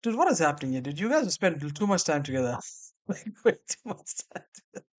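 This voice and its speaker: Man, host, casual interview, brisk questioning, slightly high voice. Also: very animated.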